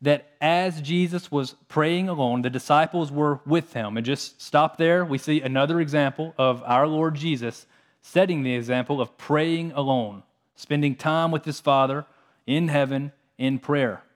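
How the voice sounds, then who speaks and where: A man's voice: on the high side, unhurried. Earnest man preaching from scripture. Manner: earnest, reads scripture aloud between plain explanations. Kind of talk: sermon.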